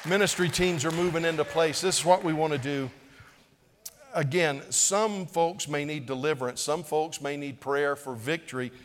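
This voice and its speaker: A man's voice: fairly high pitch, fairly even intonation, moderate pace, a faint crowd. A middle-aged male pastor preaching a sermon in a church, earnest and pleading, repeating phrases as he presses a point. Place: church sanctuary. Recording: long hall reverb.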